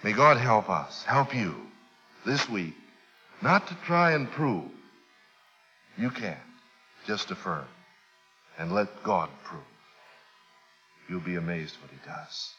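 Male preacher, low and forceful, emphatic sermon delivery, dull lo-fi recording. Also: lively intonation, slow, long pauses.

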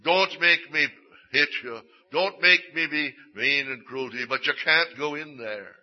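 Stern, gruff palace guard, put on by a male preacher, lo-fi. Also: a little high, a little slow, close to an everyday voice. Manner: gruff, warning. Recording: dull lo-fi sermon recording.

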